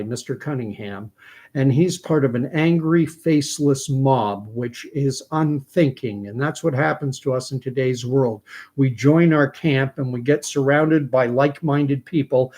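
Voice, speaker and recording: A man's voice: mid-range voice, warm tone. A man from Canada, host of his own commentary show, retelling a film scene in a reflective way.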